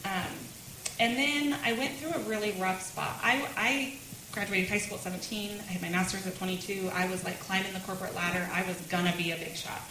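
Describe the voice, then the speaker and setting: A woman's voice: mid-range voice, fairly even intonation, brisk. Woman in her thirties, chatty church testimony, laughs a lot, echoey room with background noise. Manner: chatty, laughs often, many fillers. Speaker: speaker sharing her testimony. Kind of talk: personal testimony at a women's church gathering. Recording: roomy sound with background noise.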